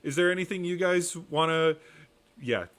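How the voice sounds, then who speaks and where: A man's voice: on the high side, normal speed, a bit bright. A man hosting a podcast, wrapping up in a casual, rambling chat and restarting phrases as he goes. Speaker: podcast host.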